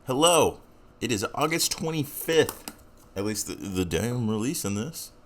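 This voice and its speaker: A man's voice: lowish voice, expressive, moderate pace, a little hiss or hum. A young man hosting his own podcast, talking casually in a rambling, self-deprecating way with lots of fillers. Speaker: podcast host. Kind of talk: casual solo podcast intro.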